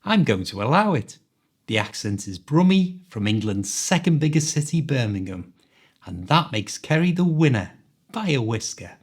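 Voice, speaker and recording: A man with a mild Liverpool Scouse accent, hosting an accent quiz in a clear, teacherly way. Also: mid-range voice, sing-song, moderate pace. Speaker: podcast host, English teacher. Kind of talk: quiz host, scripted podcast.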